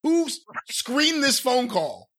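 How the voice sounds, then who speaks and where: Man, podcast co-host, high bright voice, jokey and incredulous. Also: sing-song, slow pace. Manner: joking, incredulous, laughs often. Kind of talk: casual chat reviewing old wrestling.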